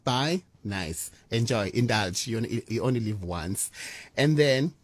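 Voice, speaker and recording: Excitable radio host man. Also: measured pace, no room sound. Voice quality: animated, laughs often, big swings in pitch. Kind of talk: lively radio chat reading listener messages.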